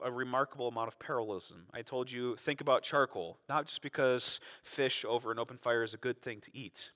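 A man preaching a sermon, reading scripture expressively and explaining it in a conversational way with rhetorical questions and asides. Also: mid-range voice. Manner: expressive scripture reading, acting out quoted voices. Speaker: pastor.

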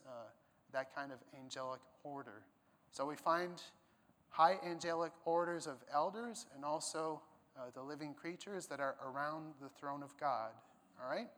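A man's voice: on the high side, a bit bright, big-room sound. A man preaching a sermon, explaining a passage emphatically, with some fillers and restarts. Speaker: pastor.

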